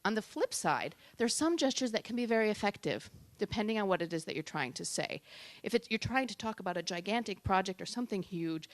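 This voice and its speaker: A woman giving a talk on public speaking at a tech meetup, lively and shifting between loud and soft for emphasis. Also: medium pitch, fast talker, few pauses, no echo. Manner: lively, varies loudness and pace for emphasis.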